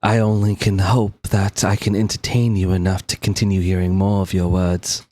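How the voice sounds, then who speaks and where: A man's voice: sits low, level tone, normal speed, a little mellow, no echo, faint music behind, voice pushed down, natural voice. A man voicing Gravo, a flirtatious woman.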